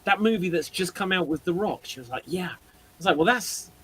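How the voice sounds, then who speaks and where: A man's voice: high-pitched, brisk, husky, poor audio. A man hosting a live geek panel show, chatting animatedly and often restarting his sentences. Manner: animated, trips over words and restarts. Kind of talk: casual panel chat on a live stream.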